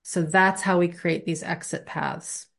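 A woman's voice: on the low side, flat delivery, a little slow, gravelly, fairly bright tone. A woman teaching a body-awareness class in a conversational way, explaining ideas through everyday examples. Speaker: somatic teacher.

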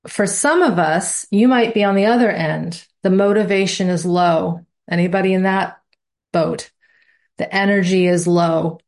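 A woman's voice: on the low side, measured pace, a little mellow. A woman instructor talking to her students in a live online class, with a playful, reassuring manner. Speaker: course instructor.

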